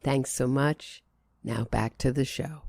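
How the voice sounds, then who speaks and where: A woman with an extremely low, gravelly, slightly mellow voice speaks slowly and steadily as she hosts a true crime show, casually reacting to footage on a live stream. She's amused and chatty, laughing often. The sound is studio quality with no echo.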